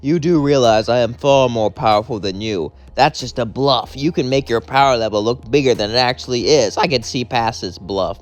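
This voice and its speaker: A man's voice: medium pitch, moderate pace, few pauses, faint music behind, natural voice. A man voicing an arrogant male alien fighter with a sneering, boastful manner.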